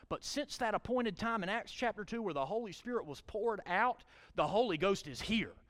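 A middle-aged male pastor preaching a sermon, reading scripture aloud and swelling loud on key words. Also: sits high.

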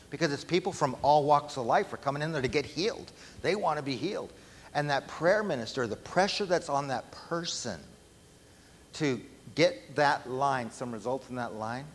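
A man's voice: mid-range voice, fairly bright tone. A man preaching a sermon, emphatic and often asking the room questions. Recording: long hall reverb, faint background noise.

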